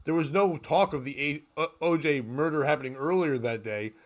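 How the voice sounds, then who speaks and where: A man's voice: a little high, normal speed. A man hosting a live morning talk stream, chatting loosely and laughing as he jokes. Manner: loose and joking, often laughing. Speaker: podcast host. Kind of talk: casual live-stream chat.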